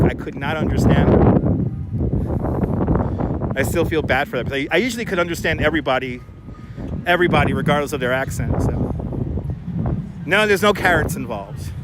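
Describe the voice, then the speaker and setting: A man's voice: on the high side, expressive, moderate pace, long pauses, heavy background noise. A man hosting a casual live stream while walking city streets, chatting and answering viewer comments on a clip-on mic. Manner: chatty, rambling, reads viewer comments aloud. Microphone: wireless clip-on mic.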